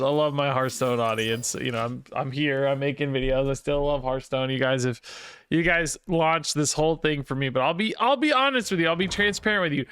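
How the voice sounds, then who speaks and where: A man's voice: on the high side, sharp tone, clear, resonant tone. A young man hosting a gameplay video, talking through his moves in rambling, self-questioning casual commentary that swings into mock anger.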